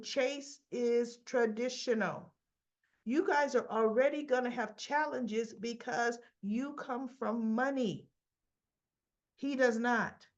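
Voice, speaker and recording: A woman's voice: high-pitched, lo-fi sound. A woman hosting a casual soap opera recap, chatty and rambling as she talks through the episode. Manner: chatty, rambling, acting out the characters' lines.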